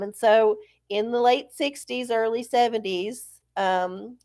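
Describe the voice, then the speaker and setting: Lady chatting on a live stream, kinda high voice, swears a lot, talks blunt and rambly. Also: steady tone, darkish tone. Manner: chatty, blunt and profane, with drawn-out asides. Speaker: host of a live oracle stream. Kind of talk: casual livestream chat.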